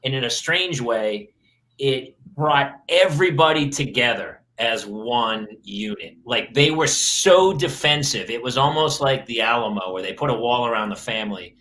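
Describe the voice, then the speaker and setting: Bright, lively-voiced man joking. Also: mid-range voice, normal speed, rough recording. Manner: expressive, jokey. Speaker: co-host. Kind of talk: casual chat about parenting.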